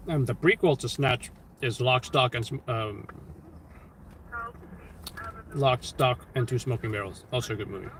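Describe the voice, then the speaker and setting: A man at an ordinary middle pitch chats casually on a live stream. He rambles and muses aloud, stopping often to correct himself. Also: a little slow, long pauses, a bit bright, slight background noise, rough recording. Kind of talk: casual chat while streaming. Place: street-level city live stream.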